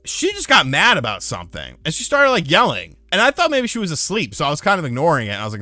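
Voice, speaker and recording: A man casually telling a profane story on a live stream, getting loud and heated when he retells a fight. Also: fairly high pitch, huge pitch swings, quick pace, hardly any pauses, no echo. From lived in North Carolina.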